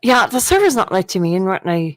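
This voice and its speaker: A woman chatting excitedly while joining a flight-sim multiplayer session, gushing and theatrical, loud and playful. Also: medium pitch, fast talker, poor audio. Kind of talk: excitable gaming chat.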